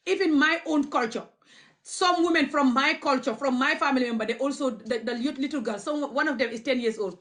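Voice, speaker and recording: Speaking fast in a high, fairly bright voice, a non-native English-speaking woman vlogs as an activist, ranting passionately to the camera. Blunt and stubborn, she hammers the same points again and again.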